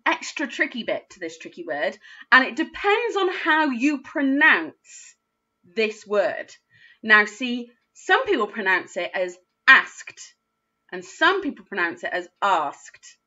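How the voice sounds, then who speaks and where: A woman teaches phonics to young children, sounding out each word letter by letter. Her voice is bright and lively, moving up and down a lot, and her pace is slow and patient. The recording has a dull, lo-fi quality. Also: a little high. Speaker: primary school teacher.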